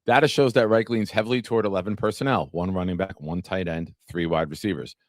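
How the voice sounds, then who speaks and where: A man's voice: on the low side, no room sound, clean studio sound. A man hosting a casual live-streamed sports talk show, chatting with viewers by name and reading from an article. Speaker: podcast host.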